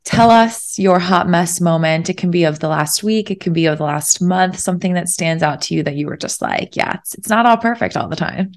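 A woman's voice: lowish voice, fairly quick, few pauses. A woman podcast co-host interviewing a guest, upbeat and encouraging with a teasing edge. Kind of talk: casual interview chat.

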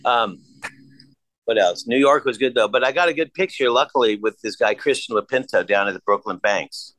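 A man's voice: mid-range voice, normal speed, a bit bright, poor audio. A man casually telling rambling, profane stories and acting out the dialogue. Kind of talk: casual conversation.

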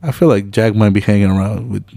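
A man's voice: on the low side, fast talker, gravelly, warm tone. A man co-hosting a podcast in loose, joking slang chat, often saying "you feel me" between fillers. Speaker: podcast co-host. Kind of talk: casual chat.

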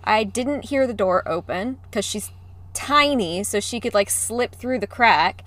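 A woman podcast co-host chatting casually over a video call, giggly and quick to apologize. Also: mid-range voice, lively intonation, fairly bright tone, no echo. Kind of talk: casual chat. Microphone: podcast mic over video call.

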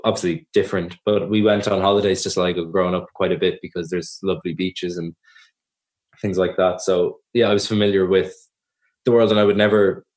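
A young Irish man with a low, deep voice talks through his answers slowly and thoughtfully. He often stops to rephrase, and he sounds like an actor reflecting on his work in an interview. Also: a little mellow. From Ireland. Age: young adult. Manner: thoughtful, measured, self-correcting. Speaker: actor guest. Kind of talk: podcast interview.

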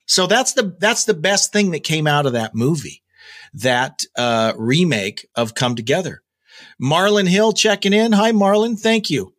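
A man's voice: a little high, big pitch swings, unhurried, a bit bright. A man hosting a daily rock news podcast, talking casually with jokey asides and plenty of fillers and restarts. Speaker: podcast host.

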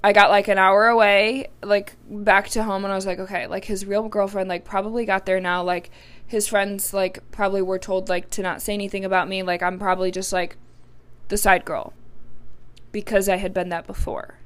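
Smooth-voiced young woman rambling candidly. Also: medium pitch, little pitch movement, normal speed, fairly bright tone. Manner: rambling, heavy use of "like", candid and frank. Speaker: podcast host. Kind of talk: casual personal podcast monologue.

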